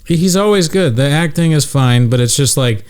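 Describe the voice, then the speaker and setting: A man's voice: on the high side, animated, normal speed, a little mellow, clean tone. A man hosting a podcast, casually chatting and teasing his guest. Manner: teasing, needling. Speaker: podcast host.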